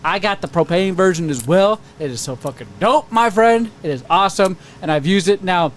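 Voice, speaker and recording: Animated, laughing man with a high voice. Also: normal speed. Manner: animated, swears often, laughs a lot. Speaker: podcast co-host. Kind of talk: casual profane banter.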